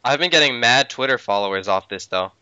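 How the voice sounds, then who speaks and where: Man, podcast co-host, bright voice, sarcastic banter, dull lo-fi sound. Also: mid-range voice, animated, brisk, clear, resonant tone, dry recording. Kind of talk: casual joking chat. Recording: dull lo-fi audio.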